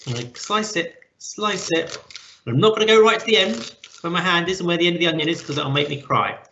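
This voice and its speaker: A man's voice: sits high, very fast, bright, forceful tone, slight background noise. A man giving a patient, step-by-step live online cooking lesson to children from a kitchen. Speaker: cookery teacher. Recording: echoey, slightly dull audio.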